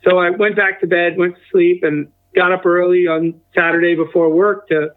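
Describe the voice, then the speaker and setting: A man in his forties with a fairly high voice tells his own story as an interview guest. He slips into the voices of the people he quotes. The sound is narrow and tinny, like a remote phone line. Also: normal speed. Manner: acts out quoted dialogue with a lively shift in tone. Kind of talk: casual personal storytelling.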